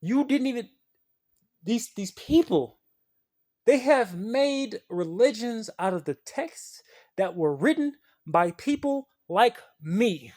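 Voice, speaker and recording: Animated yet slow, this spiritual creator's profane, impassioned tirade to the camera shifts back and forth between muttering under the breath and shouting.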